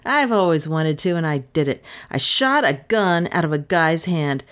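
Woman doing a bossy wisecracking detective guy, deep-toned, storybook read. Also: lively intonation, moderate pace. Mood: gleeful. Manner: brash, bossy, sardonic. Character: cocky wisecracking male private detective. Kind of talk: audiobook character reading.

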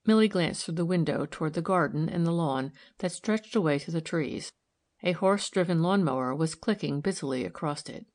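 A woman narrating a classic novel in a steady, measured way. Her voice sits on the lower side for a woman. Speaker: audiobook reader. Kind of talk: scripted narration.

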